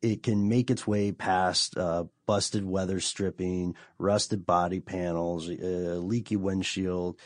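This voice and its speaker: Low-voiced man in rambling podcast chat. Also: fairly even intonation, takes it slowly, few pauses, no echo, studio quality. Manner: rambling, self-deprecating, jokey asides. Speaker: podcast co-host. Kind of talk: casual chat.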